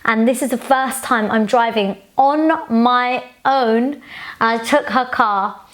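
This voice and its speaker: A woman's voice: fairly high pitch, slow pace, fairly bright tone. A woman in her twenties answering viewer questions in a casual, frank, chatty vlog. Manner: chatty and frank, with sassy asides.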